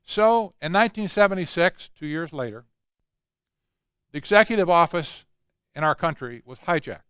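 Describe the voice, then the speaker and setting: A man's voice: a little high, lively intonation, moderate pace, fairly bright tone, clear, resonant tone, no echo, clean studio sound. Emphatic older man giving a lecture. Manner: emphatic, conversational, with asides and mimicry. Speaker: conference speaker. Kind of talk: lecture talk.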